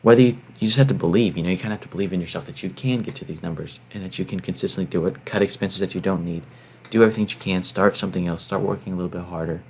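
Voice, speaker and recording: A man's voice: low-pitched, slight background noise. A man hosting his own channel, walking through calculations step by step and urging viewers on in a motivational way. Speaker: finance channel host. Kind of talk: explaining to camera.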